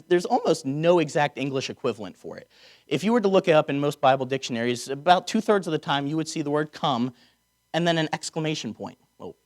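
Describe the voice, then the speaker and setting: A man preaching a conversational sermon, slowing down to stress key words and dropping wry asides. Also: on the high side. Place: chapel or auditorium.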